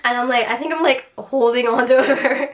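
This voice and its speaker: A young woman with a fairly high voice, chatting on camera in a relaxed, storytelling way. She is animated and breaks into laughter often. Her delivery is casual and unscripted. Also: moderate pace, dull audio. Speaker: vlogger.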